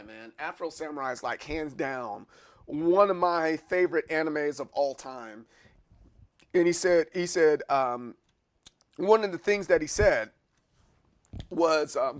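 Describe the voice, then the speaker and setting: Excitable rambling man streamer. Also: fairly high pitch. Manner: rambling, restarts a lot, chuckles and gets excited. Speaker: livestream host. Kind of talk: casual chat answering live chat.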